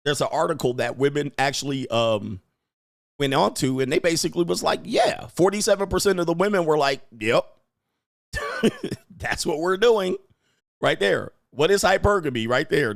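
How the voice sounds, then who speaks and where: A livestream host and commentator, this man riffs in slang, laughs often, and mimics people, sounding animated and brisk. His voice is a little high and creaky, recorded at studio quality with no echo.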